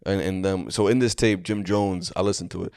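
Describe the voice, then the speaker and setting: A man's voice: sits low, fairly even intonation, fairly quick, vocal fry, a little mellow, clean tone, no room sound. A young man co-hosting a comedy podcast, telling a story casually with many fillers and restarts. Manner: rambling, lots of fillers and restarts.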